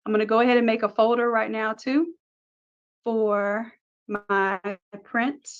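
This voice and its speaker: A woman leads a screen-recorded design lesson, talking through every click in an upbeat, practical way. Her voice sits a little high. The recording sounds dull and lo-fi. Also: steady tone, a little slow, clear, resonant tone. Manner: upbeat, talks through each click step by step. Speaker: design instructor. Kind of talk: screen-recorded software tutorial.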